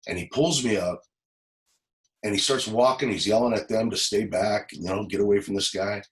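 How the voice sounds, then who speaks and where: A man in his forties, a former police officer, telling a personal story as a podcast guest, halting and emotional, often repeating words. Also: fairly low pitch, low-quality recording. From Los Angeles. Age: 40s.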